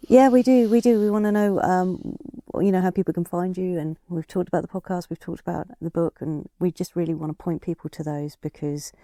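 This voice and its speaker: Effusive podcast co-host, mellow tone, laughs a lot, close dry mic. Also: mid-range voice, fairly even intonation, brisk, hardly any pauses, dry recording. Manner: warm, effusive, laughs often. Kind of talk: casual interview chat.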